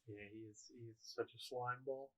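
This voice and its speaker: A man co-hosting a podcast, retelling movie scenes in an animated, casual way with acted-out quotes and laughter. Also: mid-range voice, normal speed. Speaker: podcast co-host. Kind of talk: casual chat.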